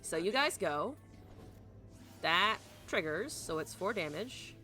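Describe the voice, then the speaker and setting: Woman streamer, lowish pitch and a forceful edge, casual play-by-play talk to chat. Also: lively intonation, slow, soft background music. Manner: thinks aloud, swears, talks to chat. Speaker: card game streamer. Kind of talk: live gameplay commentary.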